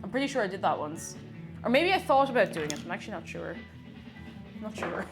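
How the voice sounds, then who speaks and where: Chatty Irish woman with a lively voice. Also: medium pitch. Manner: chatty, repeats herself, greets chat by name. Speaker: streamer baking live. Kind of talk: casual live-stream chat while baking. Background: faint music played from her phone.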